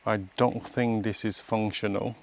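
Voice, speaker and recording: A man's voice: lowish voice, level tone, unhurried, vocal fry, darkish tone, slight background noise. A man vlogging outdoors on a rural hillside road, chatting casually and pointing things out to his viewers as he walks. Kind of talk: casual walking tour narration.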